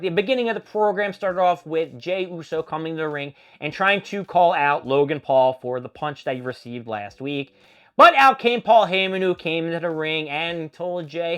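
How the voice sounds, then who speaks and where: A man giving a casual, profanity-filled solo recap of a wrestling show, rambling and animated as he tells what happened. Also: a little high, clear, resonant tone.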